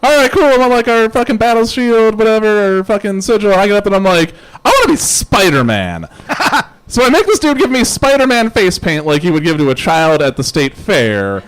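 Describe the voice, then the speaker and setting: A man's voice: high voice, lively intonation, fairly quick, clear, resonant tone. A man telling a long, profane story with lots of laughs and filler as a co-host of a live comedy podcast. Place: live venue stage.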